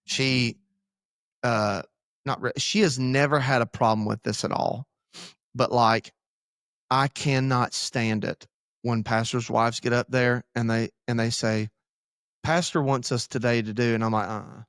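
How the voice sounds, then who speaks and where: A man's voice: medium pitch, fairly even intonation, unhurried, a bit bright, clear, resonant tone, dry recording, studio quality. A man, a pastor, talking candidly in a casual podcast conversation, rambling and joking about himself. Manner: candid, rambling, self-deprecating. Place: church podcast room.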